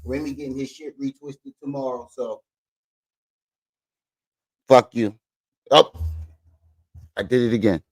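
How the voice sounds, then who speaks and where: A man with a mid-range, darkish voice speaks a little slowly with long pauses, recorded dry. Hosting a casual livestream from his living room, he chats with viewers, curses freely, and laughs at himself while reading comments, profane and laid-back.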